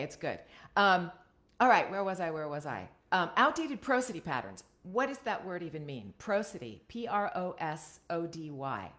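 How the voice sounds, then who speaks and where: A woman's voice: sits low, fairly bright tone. A woman with an American accent giving a casual voiceover coaching talk over a live video stream, often checking in with "right?". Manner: chatty, ends points with "right?". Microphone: computer webcam stream.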